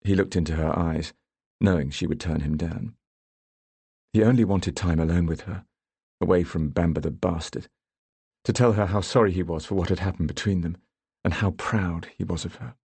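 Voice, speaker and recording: A man narrating an audiobook in a measured, even way. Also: low-pitched, breathy edge, no echo. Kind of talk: scripted narration.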